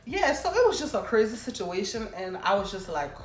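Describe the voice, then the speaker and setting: A young woman vlogger telling a casual storytime, animated and chatty, talking straight to her viewers. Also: medium pitch, a little fast, faint music behind. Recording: roomy room with faint background noise.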